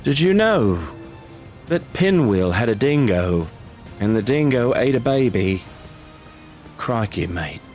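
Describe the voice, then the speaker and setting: Comic mock Aussie bloke, a man doing the voice, slow drawl, low and swooping. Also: sing-song, darkish tone, faint music behind. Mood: joking. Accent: put-on Australian. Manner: slow, drawling, jokey tall tales. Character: exaggerated mock Australian bloke, goofy.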